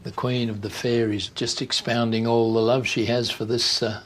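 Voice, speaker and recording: An older man with an Australian accent, a painter and entertainer, telling stories in a chatty, animated way. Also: mid-range voice, moderate pace, slight background noise. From Western Australia.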